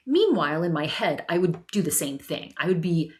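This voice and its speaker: Low-voiced chatty woman podcaster. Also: fairly quick, few pauses. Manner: chatty, repeats words, lively storytelling. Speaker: podcast host. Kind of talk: casual solo podcast chat.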